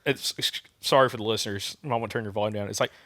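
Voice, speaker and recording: A man with a Southern American accent, co-hosting a podcast and telling an animated hunting story, imitating turkey calls as he goes. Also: lowish voice, racing, a little hiss or hum. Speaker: podcast co-host. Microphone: studio microphone.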